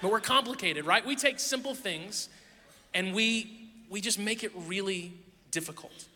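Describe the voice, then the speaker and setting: A male pastor with a high, very bright, ringing voice preaches unhurriedly, weaving in personal stories with animation and self-deprecating humor. The long reverb of a large hall carries his words away.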